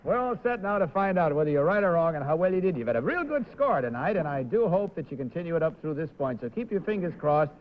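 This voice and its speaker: A man hosting a live television game show in a brisk, jovial way, laughing often. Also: on the high side, very animated, dull audio. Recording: 1950s TV broadcast audio, hall reverb, hiss.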